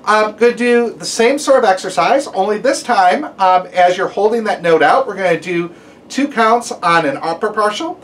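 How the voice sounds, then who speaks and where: A man's voice: sits high, expressive, normal speed, far from the mic. A man teaching a guided brass lesson, giving step-by-step instructions and counting aloud, with some "um" and "uh" fillers.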